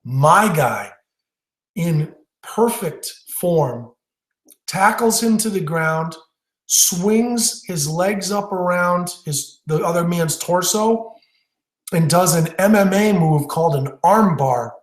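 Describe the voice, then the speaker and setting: A man's voice: high-pitched, animated, takes it slowly. A man with a slightly raised voice talks through a stage anecdote as a hypnosis trainer. His telling is chatty and loose, with fillers and restarts. The room around him rings with echo. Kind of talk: webinar storytelling lesson. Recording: roomy echo.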